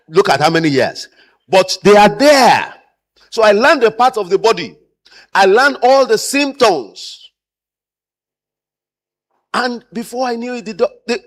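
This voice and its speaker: A man lecturing a room of caregivers, slightly high-pitched and very lively in his intonation. He acts out the people he quotes. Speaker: trainer.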